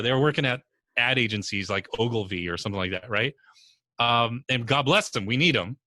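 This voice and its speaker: In a podcast interview with no echo, a New York-area business coach from New Jersey or New York spins blunt, energetic stories full of strong language. His accent matches the region, and his medium-pitched voice moves fairly quickly.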